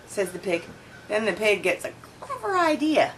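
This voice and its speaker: A woman's voice: medium pitch, normal speed, a little hiss or hum, rough recording. Woman reading a bedtime storybook aloud. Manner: expressive, points out pictures to a child. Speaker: storyteller and mother. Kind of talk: children's storybook read-aloud.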